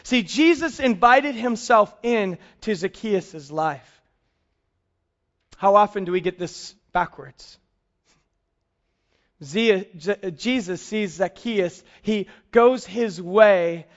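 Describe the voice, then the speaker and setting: A man preaching a sermon as a pastor, telling family stories in an animated way and slowing down to stress key points. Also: high voice, lo-fi sound. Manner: storytelling, animated, slows for emphasis.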